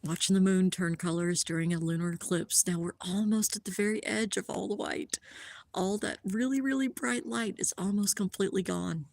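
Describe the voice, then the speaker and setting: A woman hosting a live stream of a lunar eclipse, explaining the view and gushing with awe, often dropping to a hushed whisper. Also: mid-range voice, fairly even intonation, brisk, vocal fry, no room sound. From Columbus, Ohio area. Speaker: livestream host showing a telescope view. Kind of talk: live-streamed stargazing commentary.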